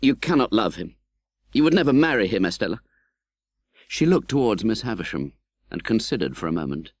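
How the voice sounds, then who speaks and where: Expressive male audiobook narrator. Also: lowish voice, fairly quick, no room sound, clean studio sound. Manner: expressive, dramatic, voices the hero's pleas. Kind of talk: scripted narration.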